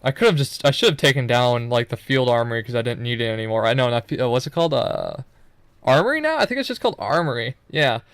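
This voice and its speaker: Young dude doing gameplay voiceover, chill rambling, lots of cussing, normal pitch. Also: male voice, expressive, fast talker, fairly bright tone, clean tone, dry recording. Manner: loose, profane, rambling with joking asides. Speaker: gameplay commentator. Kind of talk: casual gameplay commentary.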